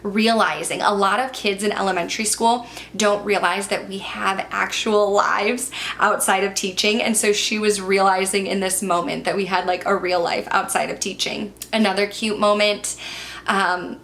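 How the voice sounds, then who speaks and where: A woman's voice: mid-range voice, steady tone, normal speed, fairly bright tone, slight background noise. A young adult woman chatting through a makeup Q&A, telling stories with lots of fillers. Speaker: beauty vlogger and former teacher. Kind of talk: chatty get-ready-with-me Q&A.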